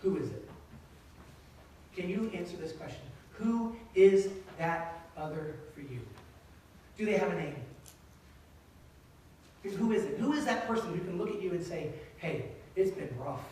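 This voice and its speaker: A man in his thirties, a pastor, preaching a conversational, animated sermon. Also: sits high, measured pace, long pauses, a little hiss or hum. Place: church sanctuary. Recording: echoey sanctuary, distant mic.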